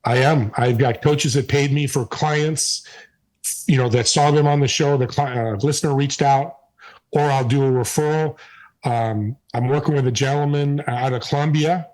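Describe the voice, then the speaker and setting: A man's voice: medium pitch, steady tone, moderate pace, a little mellow, poor audio. A man being interviewed, telling stories with emphatic energy. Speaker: podcast host and guest. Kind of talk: casual interview storytelling.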